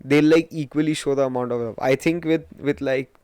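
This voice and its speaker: A man in his twenties with an Indian English accent hosts his own podcast, rambling through stories with plenty of swearing and a self-mocking streak. His voice sits at a middle pitch. The recording is dry and close, with no room sound. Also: fairly even intonation, brisk, a little mellow, smooth, no echo. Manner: rambling, profane, self-mocking storytelling with Hindi asides. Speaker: podcast host. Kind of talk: casual solo podcast monologue.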